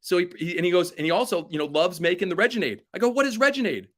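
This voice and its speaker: Energetic man telling a motivational story. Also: very fast. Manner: energetic storyteller acting out quotes with big pitch jumps. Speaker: keynote speaker.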